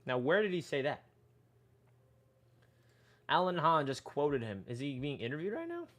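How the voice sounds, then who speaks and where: Excitable young man live-streaming, dry close sound. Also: on the high side, moderate pace, long pauses, dry recording. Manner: excitable, rambling, bursts into yelling. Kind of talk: casual live stream chat.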